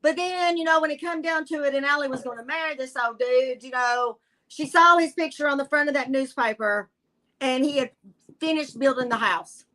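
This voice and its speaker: A woman's voice: sits high, normal speed, sharp tone, poor audio. A woman from Tennessee with a Southern accent, a guest reader telling a story in a folksy, blunt and sassy way. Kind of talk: live-stream storytelling.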